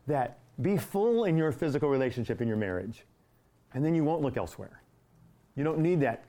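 A man's voice: mid-range voice, a little mellow. A man teaching a church Bible class in a conversational, folksy way, acting out little scenes.

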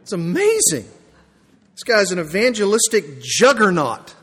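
A high-pitched male preacher delivering an emphatic sermon that swings between fervent peaks and hushed stretches. His voice carries a long hall reverb around it, as if recorded in a church sanctuary. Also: a little slow, breathy edge. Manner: emphatic, rising to excited peaks then dropping quiet.

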